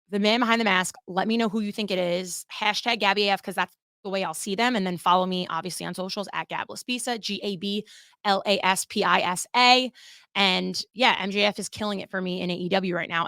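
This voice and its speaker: A woman's voice: mid-range voice, fairly bright tone, no echo, clean studio sound. A young woman hosting her own podcast, talking casually and candidly, and swearing freely as she chats. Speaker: podcast host. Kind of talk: casual solo podcast commentary.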